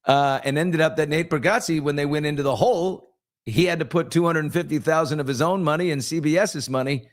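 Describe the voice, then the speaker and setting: A man's voice: on the high side, fairly quick. A man hosting a casual morning chat show, gossiping about celebrities in a chatty, loose way. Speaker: host.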